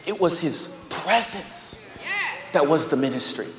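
A young man preaching a sermon as pastor, moving between loud exhortation and hushed, soft storytelling. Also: a little high, animated, unhurried, crowd noise. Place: large church auditorium. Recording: live sermon with echoey hall.

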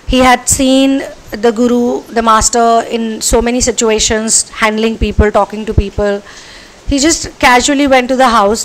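A woman, telling a spiritual story in a conversational way at home. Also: a little high. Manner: warm, conversational, chatty storytelling. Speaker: spiritual counselor and channel host.

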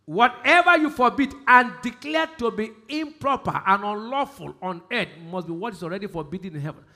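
High, bright-voiced Nigerian pastor preaching. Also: male voice. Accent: Nigerian English. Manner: call-and-response questions, repeats key phrases, swings from loud emphasis to quiet. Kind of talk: sermon.

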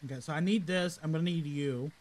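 A man's voice: a little high, fast talker, a little mellow. A man live-streaming a game, chatting casually and joking while he plays. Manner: chatty and joking, breaks into song. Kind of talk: casual live gameplay chat.

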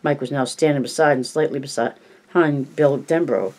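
A man reads a novel aloud, telling the scene in an even, measured way. His voice sits at a middle pitch for a man. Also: low-quality recording. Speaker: audiobook narrator. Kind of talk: novel narration.

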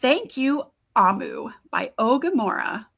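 A woman hosting a library story time, reading a picture book aloud to children in an expressive, encouraging way. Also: high-pitched, a little slow, vocal fry, breathy edge, dull audio.

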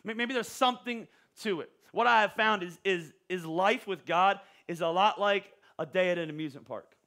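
Bright, high-voiced animated pastor. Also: male voice, normal speed. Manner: animated, joking preacher with stammering restarts. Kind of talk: sermon. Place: church auditorium.

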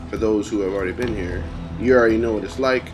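Man, gaming YouTuber, casual commentary, slangy, rambling, lowish voice, game music underneath. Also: quick pace. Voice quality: slangy, rambling, playful manner.

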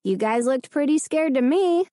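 A woman voicing a cheerful young girl in a storybook reading, bright and teasing. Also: sits high, animated, normal speed, no room sound, clean studio sound, pitched above the performer's own voice. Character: cheerful preteen girl, teasing older sister.

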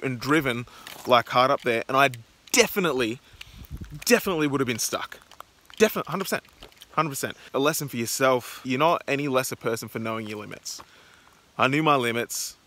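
A young man in his twenties, vlogging casually from his car and outdoors in a rambling, excitable way with lots of fillers. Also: mid-range voice, fairly quick. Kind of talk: casual vlog narration.

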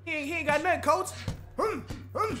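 A man's voice: very high-pitched, a little fast, over music. A man trash-talking his opponent while playing a boxing game, taunting and grunting punch noises. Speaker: gamer streamer. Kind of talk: live trash-talking gameplay commentary.

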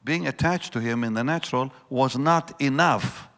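A man preaching a sermon, swinging between loud bursts and hushed lines and acting out the voices in his story. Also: medium pitch, moderate pace. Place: large church hall. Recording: long church reverb.

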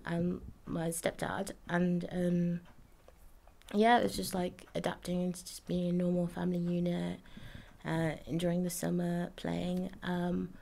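A woman's voice: fairly low pitch, creaky, warm tone. A woman in her twenties from Jamaica, recalling her childhood in a chatty interview, full of fillers and laughs. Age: 20s. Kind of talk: casual recollection.

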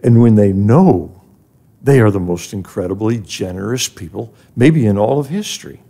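An older man tells his story with a gravelly, low voice. His tone is mellow and dark. He speaks earnestly and gets emotional, lifting his voice when he is moved. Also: expressive, normal speed. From grew up in an African village. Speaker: guest, charity president emeritus. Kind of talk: personal storytelling in a podcast interview.

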